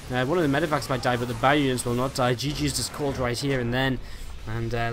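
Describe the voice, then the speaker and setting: A man casting a live strategy game match, giving rapid play-by-play full of "uh" and "I mean" fillers. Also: medium pitch, background noise. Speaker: esports caster.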